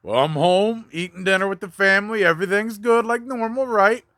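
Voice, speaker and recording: A man's voice: high-pitched, brisk, fairly bright tone, no room sound, clean studio sound. A man who works as a mobile mechanic, telling a story casually, with blunt, profane, conversational talk.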